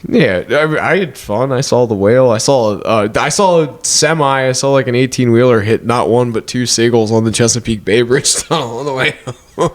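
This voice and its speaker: A man's voice: medium pitch, normal speed. A man co-hosting a podcast in casual chat, laughing often, swearing and restarting his sentences. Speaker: podcast co-host.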